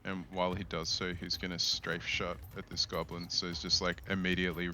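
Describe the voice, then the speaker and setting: A man's voice: low-pitched, monotone, a little fast, pushed and bright, slight background noise. A man playing in a tabletop game, casually describing his character's moves. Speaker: player.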